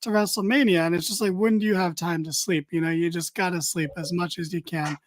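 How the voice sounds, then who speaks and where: A man's voice: high voice, steady tone, fairly quick, no echo. A tired man co-hosting a casual wrestling podcast, rambling with dry, mock-serious humor. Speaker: podcast co-host.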